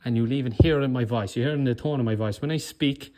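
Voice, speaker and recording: Speaking fast in a warm, mid-range voice, an Irish-accented coach gives a motivational talk full of controlled anger and passion. Blunt and profane, he repeatedly checks in with "okay?".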